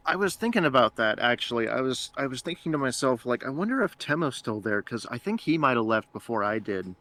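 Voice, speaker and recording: Man, very animated pitch, bright tone, teasing podcast banter. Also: a little fast. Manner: teasing, playful. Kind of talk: casual group chat.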